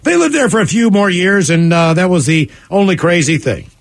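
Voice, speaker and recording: A man's voice: sits high, normal speed. A man hosting a comedy radio show, reading listener emails in a casual, jokey way. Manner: animated, jokey, shouts and sings now and then.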